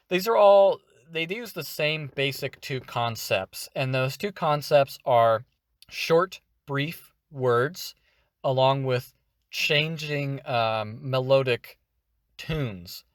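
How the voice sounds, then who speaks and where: A man teaching voice acting in a relaxed, explanatory way, with frequent fillers. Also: mid-range voice, no echo. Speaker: voice acting tutor. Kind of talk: casual tutorial.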